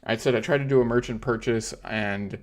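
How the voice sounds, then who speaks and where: A man's voice: mid-range voice, fairly quick. A man hosting a casual livestream, ranting in frustration and swearing heavily. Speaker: crypto livestream host.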